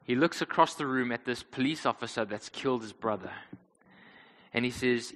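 A man preaches to his congregation, earnest and direct, calling them friends as he tells a story. His voice is bright and forward. It rings out with the long reverb of a church hall. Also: mid-range voice, normal speed. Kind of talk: sermon.

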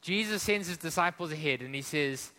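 A man from Africa preaches with a fairly high, forceful voice that lands hard on key words and then sinks almost to a hush. He keeps putting questions to the congregation. The sound carries a long reverb, as in a large echoing church hall. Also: fairly quick. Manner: impassioned, swinging between loud emphasis and hushed drops. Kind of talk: sermon.

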